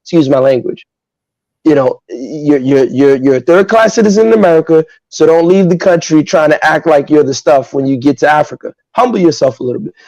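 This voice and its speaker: A man from Nigeria speaks as a guest in a casual podcast chat, telling his stories in an animated, emphatic way. His voice sits a little high. The sound is dry and close, with no room echo. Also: brisk, dull audio. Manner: animated, emphatic storytelling with frequent asides.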